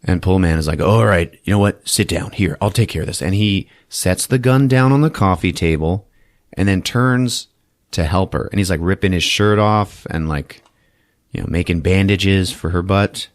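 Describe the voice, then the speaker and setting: A man's voice: low-pitched, normal speed. A man hosting a podcast, casually recapping a horror film with profanity, laughter and acted-out voices. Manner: animated, profane, acts out scenes with voices and laughs.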